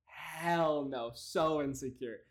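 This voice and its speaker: Young male reactor: foul-mouthed, mocking, fast rants, slightly high voice. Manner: profane, mocking, rapid-fire rants. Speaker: reaction commentator. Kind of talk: casual reaction commentary.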